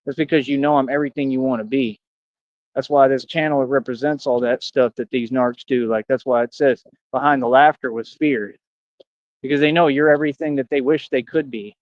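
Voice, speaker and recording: A man's voice: medium pitch, dry recording, lo-fi sound. Boastful man ranting to his chat. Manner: boastful, confrontational, slangy. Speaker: livestreamer. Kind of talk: casual livestream rant to chat.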